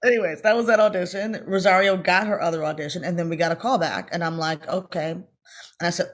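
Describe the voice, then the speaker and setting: A middle-aged woman, an actress, telling a story in a casual interview. She is animated, acts out the voices she quotes and talks fast in bursts. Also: lowish voice.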